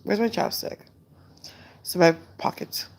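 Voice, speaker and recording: A woman hosting a casual live stream, chatting loosely and candidly while answering viewer comments in a relaxed way. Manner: relaxed and unhurried. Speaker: livestream host.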